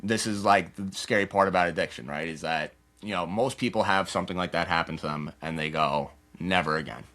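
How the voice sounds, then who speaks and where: A young man in his twenties, a podcast guest telling a candid personal story in a loose, rapid way, acting out what others said. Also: deep voice, sharp tone. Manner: rapid, loose storytelling full of "like" and acted-out quotes.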